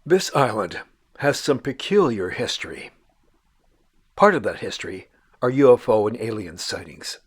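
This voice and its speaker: A man hosting and narrating a documentary-style outdoor show in a measured, dramatic storyteller manner. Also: on the low side, sing-song, husky. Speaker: host.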